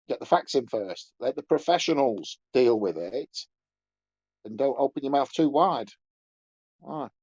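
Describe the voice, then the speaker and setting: A man's voice: mid-range voice, a little mellow, breathy edge, no echo. A crude, mumbling old showbiz man, as a comic puts him on, rambling through lewd asides and tacking "you see" onto his lines. The delivery is muffled and dry, as if recorded on a dull lo-fi mic in a dead room. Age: older. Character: leering old male showbiz entertainer. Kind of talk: comic character impression on a podcast.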